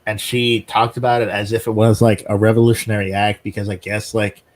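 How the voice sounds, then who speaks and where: A man co-hosting a podcast, chatting casually and explaining things in halting bursts full of "uh" and "like". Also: fairly low pitch, flat delivery. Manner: halting, many fillers and restarts while explaining. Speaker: podcast co-host. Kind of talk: casual chat.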